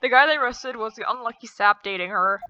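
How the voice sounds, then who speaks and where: A woman's voice: a little high, fast talker, pushed and bright, highs cut off, a little hiss or hum. A woman voicing a nervous young male rookie lawyer, narrating earnestly in her own voice.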